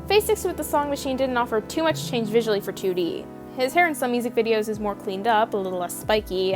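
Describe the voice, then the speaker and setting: A young woman reads her video essay script with a high voice, wry and opinionated, swearing now and then. Soft music plays beneath her narration. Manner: opinionated, wry, casually profane.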